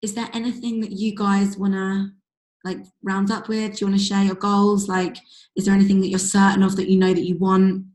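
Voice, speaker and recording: Leading a group call as team leader, a woman with a strained, darkish mid-range voice gives a gushing, rambling motivational pep talk packed with likes and ums. She speaks a little fast with little pitch movement. The video call carries a roomy echo.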